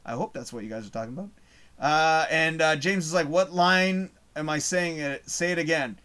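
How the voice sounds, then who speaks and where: A man's voice: on the high side, moderate pace, sharp tone, smooth. A man hosting a live show, reading out chat messages in a casual, rambling way, swearing often and losing his train of thought.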